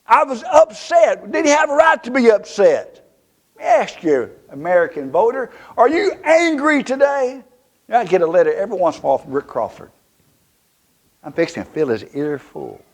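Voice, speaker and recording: A male pastor with a Southern US accent preaching a fiery, emphatic sermon in a church, swinging from loud to hushed. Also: sits high, wildly swooping pitch, normal speed.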